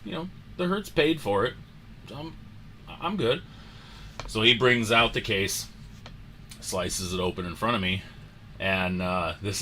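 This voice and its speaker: A man hosting a sports card show, telling a story in a casual, animated way and acting out the moments. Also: deep voice, slight background noise.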